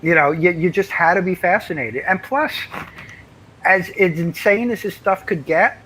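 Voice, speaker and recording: A man's voice: high voice, normal speed, pushed and bright, slight background noise, poor audio. An older man, a comics writer, telling anecdotes in casual interview chat, rambling with many fillers and restarts.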